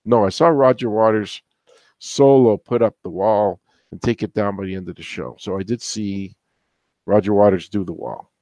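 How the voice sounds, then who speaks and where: A man's voice: lowish voice, moderate pace, darkish tone, no room sound. Rambling, opinionated man on a dry mic. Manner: rambling, opinionated, gossipy asides. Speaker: music show host. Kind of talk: casual album countdown commentary.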